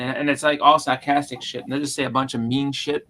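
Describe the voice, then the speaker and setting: A man's voice: mid-range voice, flat delivery, quick pace, noisy background. A man in his thirties chatting casually in a group, rambling and repeating words as he gets his thoughts out.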